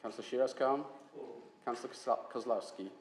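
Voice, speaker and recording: A man working as a council officer, calling a roll-call vote name by name in a steady, brisk, formal way. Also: mid-range voice, slight background noise. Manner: steady, brisk reading of names. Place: council chamber. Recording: echoey council chamber.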